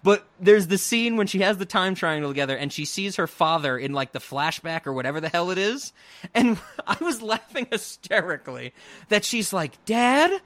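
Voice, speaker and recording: High, animated male podcaster. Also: normal speed, no room sound. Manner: animated, laughing, mimics film lines in shrill voice. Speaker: podcast co-host. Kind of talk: casual movie review chat.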